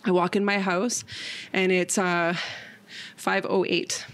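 A woman's voice: on the low side, level tone, slow, a bit bright. A young adult woman, telling a personal story in conversation, full of fillers and acted-out quotes. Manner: acts out quoted voices, many fillers like "like". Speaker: podcast guest. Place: parked car.

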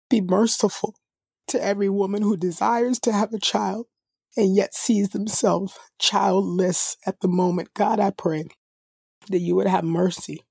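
A woman's voice: lowish voice, gravelly, a little mellow, husky, no room sound, clean studio sound. A woman who reads scripture aloud and then leads a fervent, spontaneous prayer, often repeating "oh God" and restarting her phrases. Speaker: Bible reader and prayer leader.

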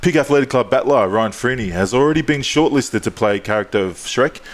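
A man's voice: mid-range voice, fairly quick. A man co-hosting a podcast, reading joke news and teasing his co-host, laughing often.

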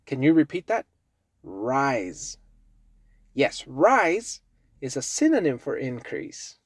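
Slow, lively man teaching English. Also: on the high side, no echo, clean studio sound. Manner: slow, patient, repeats words for practice. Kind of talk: podcast language lesson.

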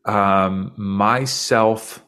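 A man in his forties, a podcast guest, earnestly and reflectively recounting a deeply personal experience in conversation. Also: fairly even intonation, drawn-out words, pushed and bright, clean tone.

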